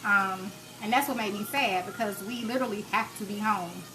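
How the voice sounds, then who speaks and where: Speaking at a medium pitch and moderate pace, a cooking show host in her 30s talks with her live-stream audience from her home kitchen. She's chatty but preachy, encouraging them toward faith and prayer, with background noise audible.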